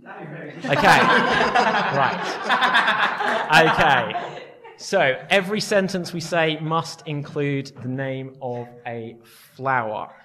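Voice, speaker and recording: Man, improv host, brisk, cheerful, slightly high voice. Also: expressive, noisy background. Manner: brisk, cheerful, giving prompts. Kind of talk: live improv comedy hosting.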